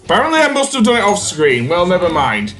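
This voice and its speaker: A man's voice: high-pitched, wildly swooping pitch, fast, fairly bright tone, soft background music. A man hosting a let's play, chatting casually over his gameplay with lots of fillers and self-corrections.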